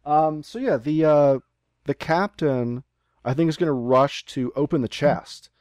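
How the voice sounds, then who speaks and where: A man's voice: fairly high pitch, a little slow, darkish tone, dry recording. Hesitant game master man, dry sound. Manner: hesitant, many ums and uhs. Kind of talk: narrating a tabletop game. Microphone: remote call.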